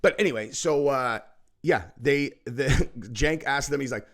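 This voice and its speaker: A man's voice: medium pitch, measured pace, fairly bright tone. A man hosting a political commentary show, ranting in a heated, profane and mocking way, often acting out quotes.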